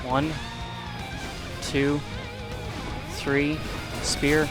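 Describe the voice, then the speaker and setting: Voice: medium pitch, expressive, takes it slowly, pauses often, over music. A gameplay commentator reacting with panicky outbursts and nervous laughs, counting attack timings aloud and catching their breath afterward. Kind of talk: live gaming commentary.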